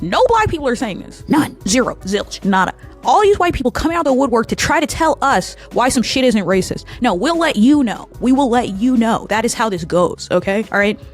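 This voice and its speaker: Blunt, profane woman ranting. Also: mid-range voice. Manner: blunt, profane and emphatic, repeats points for stress. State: angry. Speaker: political commentator. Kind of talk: heated commentary vlog.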